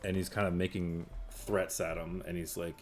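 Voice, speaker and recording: A man's voice: low voice, little pitch movement, normal speed, soft background music. A man narrating as game master of a tabletop game, rambling through scenes with many fillers. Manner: rambling, filler-heavy storytelling.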